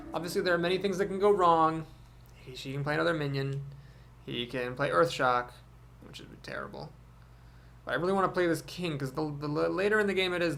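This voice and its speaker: A man casually commentating his own card game, thinking aloud and poking fun at his own mistakes, with sudden animated outbursts. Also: fairly high pitch, gravelly, a little hiss or hum.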